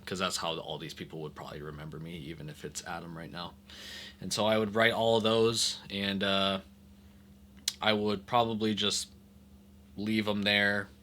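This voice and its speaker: A man playing in a tabletop game, describing his actions slowly and hesitantly. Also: low voice, flat delivery, bright, forceful tone, slight background noise. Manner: slow and hesitant, many fillers. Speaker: player. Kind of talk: tabletop role-play, in character.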